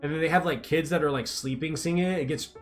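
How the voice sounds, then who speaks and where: A rambling young man talks loosely through a gaming livestream, reading chat aloud and ribbing his viewers. His voice sits a little high, with faint music under it. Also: fairly even intonation, fast talker.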